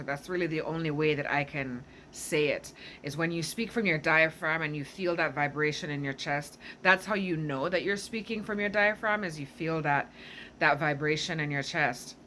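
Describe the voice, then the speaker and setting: Reflective woman with a bright voice. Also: low-pitched, a little hiss or hum. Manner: thoughtful, searching for words, frequent "right?". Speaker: spiritual self-help vlogger. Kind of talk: casual reflective monologue.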